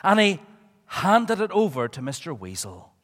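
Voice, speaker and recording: Animated preacher telling kids a story. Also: male voice, high voice, unhurried. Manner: animated storyteller, asks children questions. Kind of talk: children's talk. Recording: echoey church hall.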